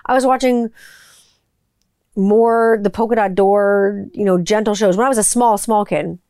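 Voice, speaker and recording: A woman in her forties talks in a loose, rambling way, piling up fillers and cheerful swearing as she tells stories. Her pitch sits in the ordinary middle for a woman. The sound is dry and close, with no room behind it. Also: fairly even intonation, normal speed, mellow, clean tone, no echo. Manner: chatty, rambling storyteller who swears freely. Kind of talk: casual chat.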